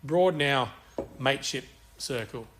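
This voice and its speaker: Aussie bloke cohosting a podcast, crude and rambly, swears a lot, faint room hum behind him. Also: male voice, medium pitch, unhurried, a bit bright. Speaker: podcast co-host. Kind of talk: casual banter.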